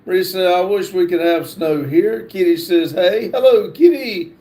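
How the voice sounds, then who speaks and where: A man hosting a livestream, reading chat comments aloud in a halting way with fillers and restarts. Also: high voice, dark tone. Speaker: livestream host.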